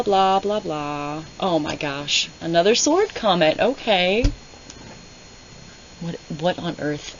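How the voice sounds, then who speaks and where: Sarcastic young woman doing book commentary. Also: on the low side. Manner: sarcastic, animated reactions with mocking put-on voices. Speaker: book reviewer. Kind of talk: casual readalong commentary. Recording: dull lo-fi sound with faint noise.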